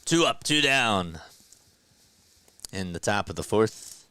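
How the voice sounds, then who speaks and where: A man doing casual live baseball play-by-play as a fan streamer, chatting and joking with viewers between pitches. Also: animated, slow pace, sharp tone, clean tone, dry recording. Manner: jokey, laughs at himself.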